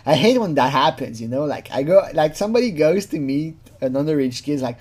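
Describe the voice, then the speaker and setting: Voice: medium pitch, animated, brisk, a little mellow. A casual true crime commentator who talks freely, laughs often, swears, and mimics the people being quoted.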